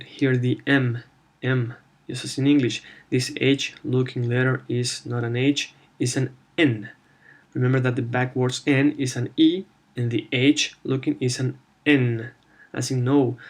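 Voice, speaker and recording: Slow, even-voiced man teaching letters. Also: medium pitch. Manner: slow, repeats each letter sound several times. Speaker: language teacher. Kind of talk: alphabet lesson.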